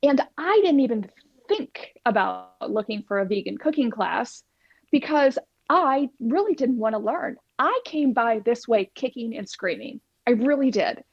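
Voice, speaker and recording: A plant-based cooking instructor, guesting in an interview, tells her personal story in a slightly high voice at a measured pace. She's animated and acts out the quoted dialogue. The recording is dull, lo-fi and dry, with no room sound.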